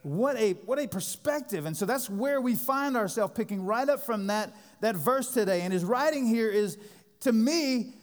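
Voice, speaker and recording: A man in his thirties preaching a sermon as pastor, impassioned, swinging between loud emphasis and quiet intensity. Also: very high-pitched, expressive, moderate pace. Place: church sanctuary. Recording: long hall reverb.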